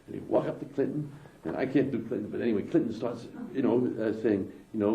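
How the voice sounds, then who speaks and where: A man's voice: fairly low pitch, quick pace, warm tone. A man doing stand-up, telling a long story loosely with lots of asides. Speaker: comedian. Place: small theatre stage. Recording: dull, echoey small theatre.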